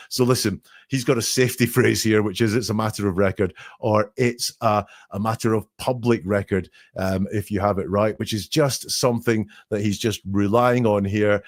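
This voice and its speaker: A man with a fairly low voice, talking through an interview clip by clip like a host on his own show. He reads a line aloud, then breaks it down point by point, analytical and methodical, with a close, dry sound and no room around him. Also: fairly quick, few pauses, no room sound. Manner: analytical, quotes lines then picks them apart. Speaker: podcast host. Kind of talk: commentary analyzing interview clips.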